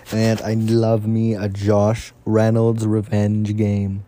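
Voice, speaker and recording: Speaking slowly but with hardly any pauses, a young man with a mellow, dark, somewhat low voice gives casual solo commentary on his fantasy football picks. He curses a lot and rambles as he works himself up, flipping from excited outbursts to throwaway remarks.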